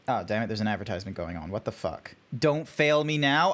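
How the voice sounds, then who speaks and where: A young Australian man giving chatty, animated commentary on a game while he talks to his stream chat. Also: lowish voice, a little fast, hardly any pauses. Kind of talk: casual gameplay commentary.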